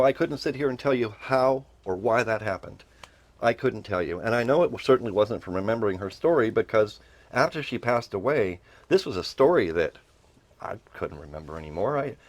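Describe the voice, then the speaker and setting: A man's voice: lowish voice, no echo. A middle-aged man telling a personal story with emotion, earnestly repeating phrases and rising into pleading.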